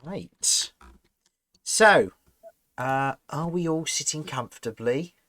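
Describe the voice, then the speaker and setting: A man's voice: fairly high pitch, animated, a bit bright, dry recording. A man acting as game master for a tabletop game, greeting the players and then narrating a recap like a storyteller. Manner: theatrical storyteller recap, drawn-out phrasing.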